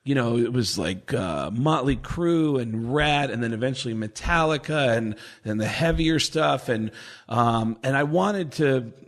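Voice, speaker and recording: A man in his forties, a comedian guest, telling animated stories and acting out the quotes. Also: mid-range voice, measured pace. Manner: animated anecdotes, acts out quotes. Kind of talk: casual storytelling.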